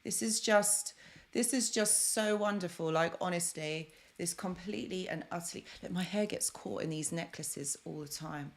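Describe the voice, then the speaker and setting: A woman talks straight into a desk microphone from a room at home, hosting a live stream. Her voice sits a little low for a woman, and she chats effusively and warmly, greeting viewers one by one. When she turns to advice, she becomes encouraging and reassuring. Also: normal speed. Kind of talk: casual live stream chat.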